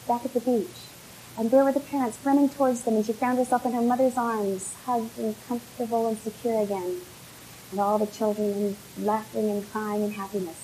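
A woman telling a folk tale live with gentle, unhurried narration, then answering questions. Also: mid-range voice, slight background noise, poor audio. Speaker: storyteller.

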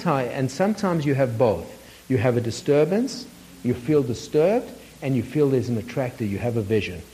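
A man's voice: mid-range voice, warm tone, a little hiss or hum, rough recording. A man leading a workshop, telling a story to the group, asking them questions and chuckling often. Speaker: workshop facilitator.

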